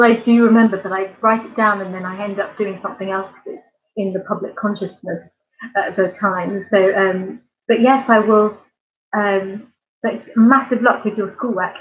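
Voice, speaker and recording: A woman's voice: medium pitch, narrow, tinny audio. A woman from near London with a southern English accent, chatting casually with viewers on a live stream and rambling with lots of ums and giggles. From England, near London. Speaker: art channel host.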